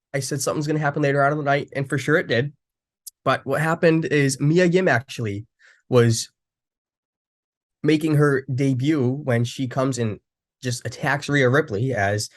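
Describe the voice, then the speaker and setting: A young man casually recapping a wrestling show, rambling with frequent restarts and fillers. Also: mid-range voice.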